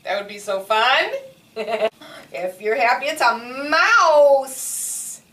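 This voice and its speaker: Speech therapist, woman, high lively voice, slow and coaxing, echoey room, mic far off. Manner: slow, animated, prompting word by word. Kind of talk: one-on-one speech therapy with a child.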